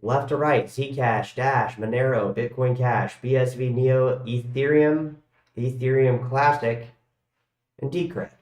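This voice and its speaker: A man hosts a casual live stream in an echoey room. He rambles and curses, jumping from loud bursts to low mumbles. His pitch sits in an ordinary middle range. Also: fairly even intonation, slow pace. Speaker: crypto livestream host. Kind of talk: casual livestream rant.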